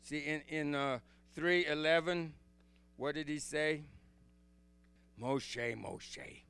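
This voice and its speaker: A man preaches a Bible sermon in a bright, forceful voice that sits fairly high. His delivery is animated, jumping from loud exclamations to hushed asides, and he asks his listeners rhetorical questions. The sound is smooth and resonant, and the recording is dry and close. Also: unhurried, no room sound, soft background music. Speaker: pastor teaching from the Bible. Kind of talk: expository sermon.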